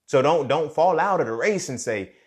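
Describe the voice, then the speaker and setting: A young man hosts a casual motivational podcast monologue, his voice a little high, animated, at normal speed. He swears freely while telling a story and keeps asking "you feel me" to check you follow.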